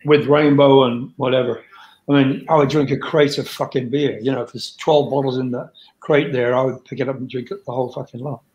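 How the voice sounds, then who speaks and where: A man's voice: medium pitch, flat delivery, fairly quick, darkish tone, dull audio. An older man, a rock singer speaking as an interview guest in a candid, blunt chat, swearing freely. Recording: roomy echo.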